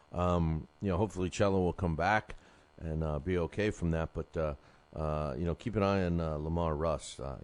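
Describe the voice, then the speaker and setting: Low-voiced man with a sore throat. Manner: rambling, many fillers and restarts. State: sore throat, sucking a cough drop. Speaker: boxing show host. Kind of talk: casual live show chat.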